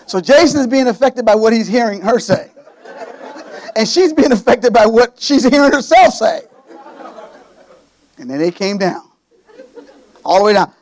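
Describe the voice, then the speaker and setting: A pastor preaching a sermon, telling stories with playful asides and calling out to the congregation. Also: male voice, extremely high pitch, lively intonation, a little slow, pauses often, darkish tone, a faint crowd.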